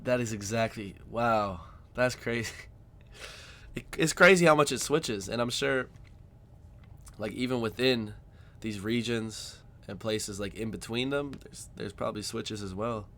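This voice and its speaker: An American man hosting a reaction video, chatting in an amazed, casual way that often trails off into quieter remarks. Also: lowish voice, a little slow, slight background noise. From United States.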